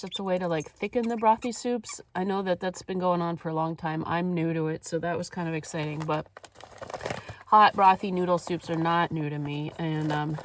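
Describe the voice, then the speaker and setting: A woman's voice: medium pitch, slight background noise, low-quality recording. A woman with a cold talking casually through a cooking vlog in her van, rambling with frequent ums and restarts. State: has a cold. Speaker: vlogger. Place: inside a parked van.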